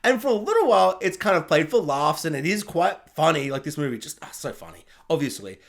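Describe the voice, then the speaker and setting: Lively, chatty film reviewer. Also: medium pitch. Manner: animated, acts out characters in quick mock voices; chatty with many fillers and asides. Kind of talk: casual spoken film review.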